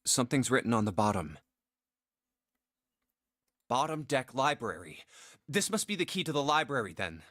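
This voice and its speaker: A woman voicing a puzzled, weary young male protagonist, reading visual novel dialogue aloud in a flat, lowered tone. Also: normal speed, long pauses, no room sound, clean studio sound, exaggerated voice.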